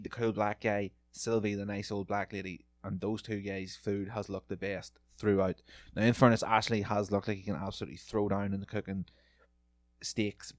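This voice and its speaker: Profane, rambling man with a low voice. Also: no room sound, studio quality. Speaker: podcast host. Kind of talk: comedic solo rant.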